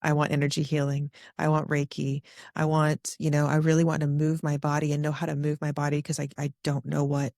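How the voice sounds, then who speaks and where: A woman's voice: sits low, completely flat delivery, a little fast, creaky, darkish tone, no room sound, clean studio sound. A woman podcast host speaking in flowing, enthusiastic run-on sentences in a casual interview.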